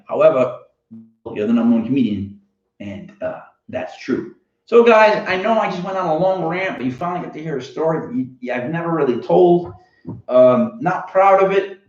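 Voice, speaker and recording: A man with a Boston accent rambles through a story as a show host, his pitch swinging up and down with animation. He interrupts himself often and keeps it casual. The recording is roomy and a little dull and lo-fi. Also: darkish tone. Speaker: host of a fantasy football show.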